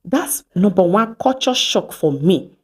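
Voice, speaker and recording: Husky Nigerian woman vlogging. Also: mid-range voice, unhurried. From Edo State, Nigeria. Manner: animated, mixes Pidgin phrases, acts out quoted exchanges. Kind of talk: casual storytelling to camera.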